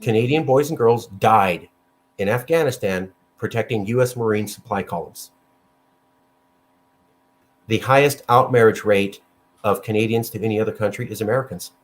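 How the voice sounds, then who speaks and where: A man's voice: normal speed, pauses often. Male movement leader, passionate speaker, emphatic and repetitive. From California. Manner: emphatic, repetitive, pitch jumping high when worked up. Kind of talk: impassioned argument.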